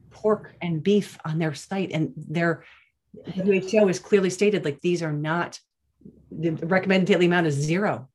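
A woman, a nurse and guest on an interview, telling stories in an animated, chatty way with many restarts. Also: sits low. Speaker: nurse and plant-based diet advocate, guest. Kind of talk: casual interview storytelling.

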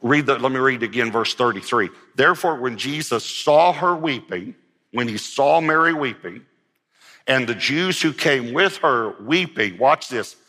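Man, pastor, earnest emphatic sermon, bright forceful voice, reverberant hall. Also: medium pitch, expressive, slow pace. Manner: earnest, emphatic preaching with repeated phrases.

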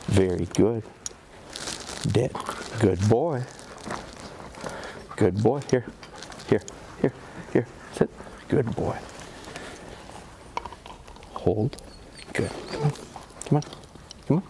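A man runs a live dog-training seminar in front of an audience. He urges the dog on with short commands and quick praise. His pitch swings widely as he talks, rising high on encouragement and dropping low to explain. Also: lively intonation, creaky, darkish tone, slight background noise. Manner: talks plainly to the audience with rhetorical questions.

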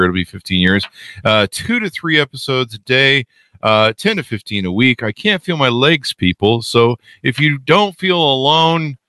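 A man hosts a podcast in a loose, rambling way, full of jokes and fillers. His voice is bright and jumps widely in pitch. The sound is dry and close. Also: no room sound. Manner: rambling, joking asides with many fillers. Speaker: podcast host. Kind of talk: casual podcast hosting.

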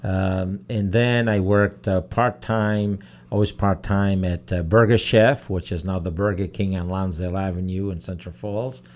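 A man in his fifties with a lowish voice is talking on a radio show about his career. His speech is steady and earnest, with frequent pauses and fillers. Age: 50s. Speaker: guest, human resources director. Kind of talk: radio interview. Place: radio studio.

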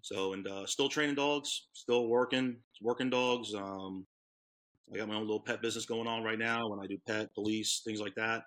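Low-voiced man with a New York accent. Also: steady tone, moderate pace, a bit bright. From Orlando, Florida. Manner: rambling, many fillers and restarts. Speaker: guest, police K9 handler. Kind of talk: casual storytelling interview.

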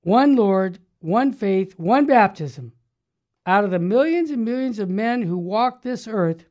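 A high-pitched man hosts a religious talk radio show, teaching with fervent emphasis that swells into loud exclamations.

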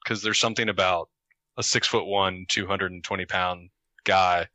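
A man chatting as a show guest, halting and stop-start with lots of fillers. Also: sits low, fairly even intonation, sharp tone, dry recording. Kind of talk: casual chat.

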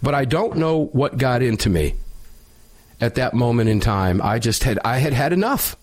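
A middle-aged man hosting a talk radio show, telling a story loudly and emphatically with a sinus infection. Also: medium pitch, big pitch swings, moderate pace.

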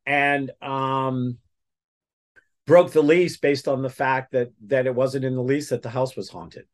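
A man's voice: medium pitch, steady tone, a little slow. A man telling a story as a guest in a casual interview, rambling with many restarts.

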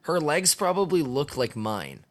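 A man's voice: on the high side, big pitch swings, unhurried. A man co-hosting a casual reaction stream, rambling crudely with many fillers. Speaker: stream co-host.

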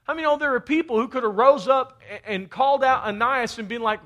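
A man's voice: extremely high pitch, fast talker, fairly bright tone. A man from Kentucky preaching a fervent sermon, often calling out for amens. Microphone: handheld or head mic.

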